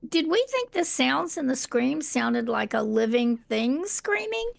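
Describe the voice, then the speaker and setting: A woman's voice: high voice, very animated, measured pace, gravelly. A woman playing a tabletop game, talking in a hesitant, polite way with many fillers. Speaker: player. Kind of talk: tabletop role-play.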